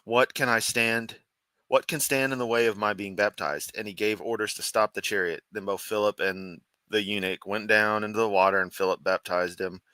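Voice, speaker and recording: Bright, profane American streamer. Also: male voice, fairly low pitch, fairly even intonation, moderate pace, no room sound. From United States. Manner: profane, sarcastic, rambling. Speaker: streamer host. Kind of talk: casual reaction commentary. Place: room at home.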